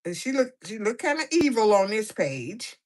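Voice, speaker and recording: Coloring in a coloring book for her viewers, a woman keeps up playful, chatty commentary full of laughter. Her fairly high voice is very animated and a little mellow, at a normal speed.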